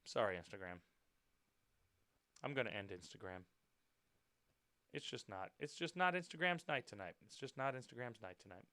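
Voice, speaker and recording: A man hosting his own show, reacting to dash cam videos with loud swearing outbursts and quiet muttered asides. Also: medium pitch, animated, normal speed, pauses often, no room sound. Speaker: podcast host.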